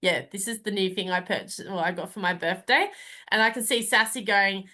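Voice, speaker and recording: A woman hosting a club meeting, talking in a playful, jokey, animated way. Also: medium pitch, normal speed. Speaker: Toastmaster of the day.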